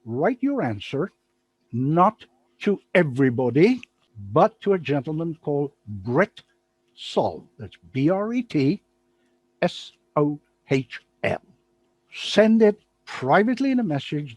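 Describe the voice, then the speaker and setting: Giggly, lively husky-voiced man host. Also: on the high side, measured pace, dry recording, rough recording. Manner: giggly, rambling, playful. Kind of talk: casual live show chat.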